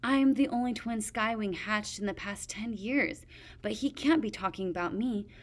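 A woman voicing a young female dragon who speaks shakily and turns shrill when upset. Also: moderate pace, close to an everyday voice. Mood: shaken.

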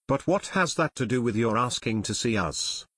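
A man voicing a level-headed teenage boy detective who speaks calmly and tersely. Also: mid-range voice, moderate pace, slightly rough, no room sound, studio quality. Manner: calm, terse, questioning.

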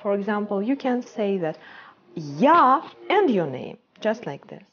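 A woman teaching a beginner language class, patient and repetitive, often checking understanding with "right?" as she repeats words slowly. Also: medium pitch, big pitch swings, dull audio.

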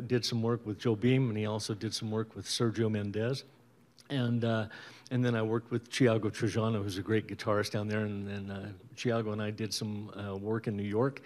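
On an indoor concert stage, a middle-aged bandleader and guitarist from Utah chats casually between tunes while introducing the show. His mid-range, darkish voice wanders easygoingly, full of pauses and restarts.

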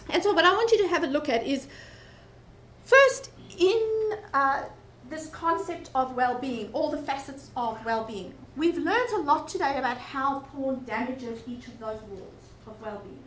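A woman's voice: high-pitched, measured pace, a bit bright. A woman with a South African accent giving an earnest conference talk, often restarting her sentences. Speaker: conference speaker. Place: conference breakout room. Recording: echoey conference room.

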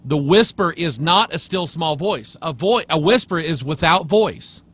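Emphatic preaching man, fairly high voice. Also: animated, unhurried, breathy edge. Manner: emphatic, drops to a low hush for contrast; reads quoted passages aloud and rebuts them. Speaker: pastor. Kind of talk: preaching sermon commentary.

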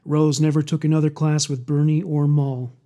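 Reading a scripted true-crime story aloud, a male narrator uses a fairly high yet mellow voice. He keeps his delivery steady and measured, carrying a quiet intensity through the dark material.

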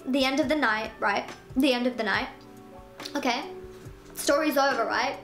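A woman's voice: high voice, normal speed, fairly bright tone. A young woman vlogger telling a story in a casual storytime style, chatty and full of "like", acting out what others said. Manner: chatty, full of "like", acts out other people's lines. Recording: echoey room with faint music.

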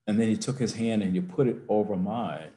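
His voice is on the low side and warm: an older man who serves as a university president, recounting a heartfelt personal story via video call from his office. He starts slowly and emotionally, then builds to a rousing finish.

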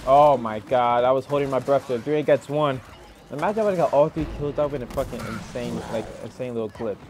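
A young man giving rambling, excitable live commentary over a match, swearing often and filling gaps with "like" and "oh my god.". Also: medium pitch, fast, slight background noise. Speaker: gaming streamer.

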